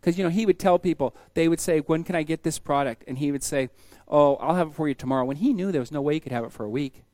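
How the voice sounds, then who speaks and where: A man preaching a casual sermon, telling folksy stories and acting out the people in them with sudden loud bursts. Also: fairly high pitch, fast, no room sound. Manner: storytelling, acts out quoted voices with sudden loud bursts; folksy, conversational.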